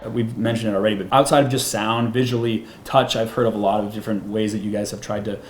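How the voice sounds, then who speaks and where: A man hosting a casual interview, upbeat and joking, with quick reactions to his guests. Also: lowish voice, level tone, reverberant, music in the background. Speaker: interview host.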